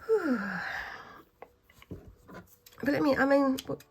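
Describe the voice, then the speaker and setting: A woman chatting casually while sewing for a craft vlog, thinking aloud with many pauses and fillers, sometimes dropping into a soft half-whisper. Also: high-pitched, very noisy. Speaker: craft vlogger. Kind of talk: casual craft tutorial chat.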